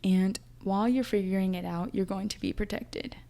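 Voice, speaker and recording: A young woman gives a casual, chatty tarot reading, working through her intuitions in an emotional, think-aloud way. Her voice is medium-pitched, steady, gravelly, and dark in tone, at a normal speed.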